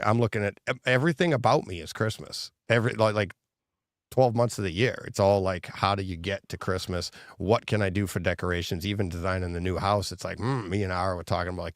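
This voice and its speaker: Low-voiced animated male podcast host. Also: dry recording, clean studio sound. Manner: animated storyteller, laughs often, acts out quotes. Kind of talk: casual chat.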